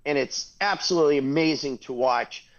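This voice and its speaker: A man's voice: on the high side, normal speed, creaky, muffled recording. An older man hosting a talk radio show, blunt and opinionated, chuckling at his own jokes.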